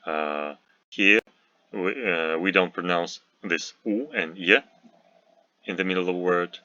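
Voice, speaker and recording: A man gives a recorded language lesson, speaking slowly and repeating each example word with patience. His low voice is bright and clear in tone. The sound is dry and close, but dull and lo-fi. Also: no echo. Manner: slow, patient, repeats words for learners. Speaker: language teacher.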